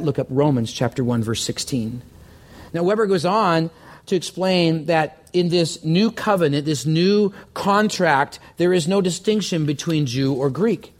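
Earnest man preaching a sermon. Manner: earnest, repeats words, climbs in pitch when stirred. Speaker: pastor.

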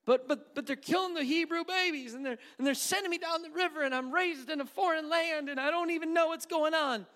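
A man voicing an anxious, stressed believer who complains in a rushed, whiny way. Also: very high voice, pushed and bright, pitched above the performer's own voice. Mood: panicked.

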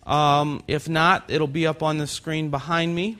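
A man preaching a sermon in a cinema used as a church, with a nasal voice, slowing down to read scripture and stress key points. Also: fairly high pitch, little pitch movement, a bit bright. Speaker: pastor.

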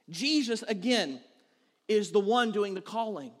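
A man's voice: high-pitched, lively intonation, measured pace. A man preaching a sermon as pastor, earnest and conversational, building points through repetition. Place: church sanctuary. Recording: long hall reverb.

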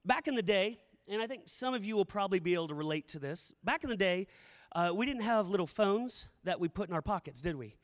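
A man's voice: sits high, lively intonation, fast, long reverb tail. A middle-aged male pastor preaching a sermon, telling the story dramatically and repeating phrases for emphasis.

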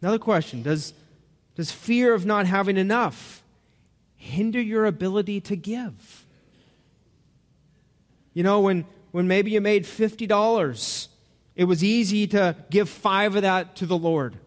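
A man's voice: sits high, unhurried, pauses often, long reverb tail. A man preaching a sermon to a congregation, talking in a conversational way and asking them questions. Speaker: pastor.

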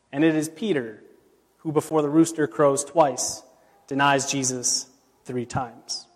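A man, a pastor, preaching a sermon in a relaxed storytelling way with casual asides. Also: fairly high pitch, moderate pace. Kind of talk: conversational sermon. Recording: long reverb of a large hall.

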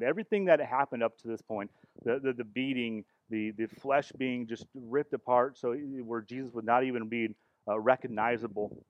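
With a mid-range voice at normal speed, a pastor delivers a sermon in church that acts out the crucifixion live, rising dramatically into intense passages. The recording sounds lo-fi.

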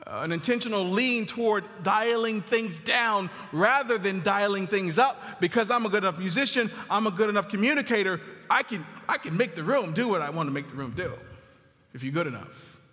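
A man preaching a sermon in a church sanctuary in a conversational style, repeating phrases for emphasis and dropping to a soft murmur on tender lines. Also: high voice, lively intonation, a little fast. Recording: long hall reverb.

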